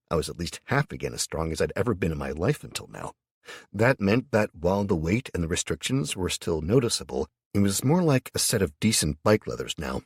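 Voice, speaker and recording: A man's voice: deep voice, slightly rough, dry recording, clean studio sound. A man narrating an audiobook in the first person, with a casual, profane storytelling manner.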